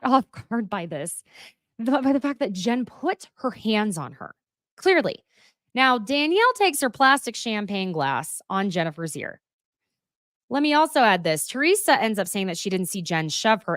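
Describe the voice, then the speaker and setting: A sassy woman host delivers casual recap commentary in an animated, opinionated way. Her voice sits at an ordinary middle pitch. The sound is dry and close, with no room echo. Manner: sassy, animated, swears and laughs often. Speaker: host of a live recap show.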